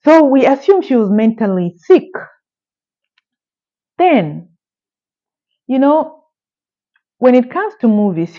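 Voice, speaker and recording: A woman's voice: mid-range voice, narrow, tinny audio. A woman telling a true story in a casual storytime style, emphatic and indignant, with rhetorical questions.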